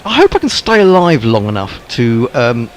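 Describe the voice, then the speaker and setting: Lively, wry male cricket commentator. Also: medium pitch, normal speed, slight background noise. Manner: wry and rambling, filled with ums. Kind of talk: ball-by-ball commentary.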